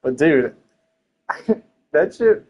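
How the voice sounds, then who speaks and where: A man's voice: on the high side, animated, drawn-out words, dull audio, slight background noise. A young man telling rambling stories in casual chat, laughing often, swearing and filling his talk with slang.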